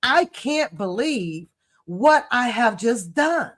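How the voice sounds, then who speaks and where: A woman hosting a commentary channel, reading text messages aloud and reacting in an emphatic, sassy way with loud outbursts. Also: a little high, sing-song, slow.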